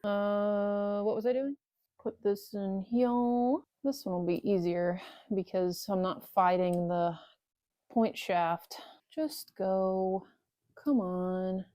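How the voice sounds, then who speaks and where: In a cold garage, a motorcycle vlogger works on her bike and talks casually to the camera, cold-handed, muttering, swearing and joking sarcastically to herself. Her voice is medium-pitched, slow and dark-toned, with no room sound.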